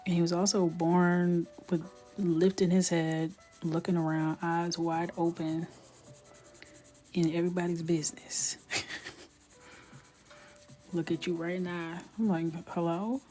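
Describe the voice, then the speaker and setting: A woman's voice: fairly low pitch, completely flat delivery, takes it slowly, pauses often, warm tone, soft background music. Chatty woman, half-whispering while coloring. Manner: chatty storytelling, often drops to a whisper, laughs a lot. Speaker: coloring livestream host. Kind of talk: casual chat while coloring.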